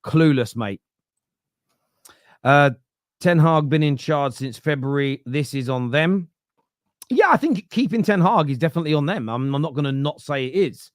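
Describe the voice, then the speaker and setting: A man with a fairly high-pitched voice hosts a fan podcast in a casual live-stream style. He speaks bluntly and with opinion, with "uh" and restarts. The sound is dry and close. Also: animated, normal speed, long pauses, no echo. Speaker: host of a fan football podcast. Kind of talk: casual live-stream commentary reading viewer comments.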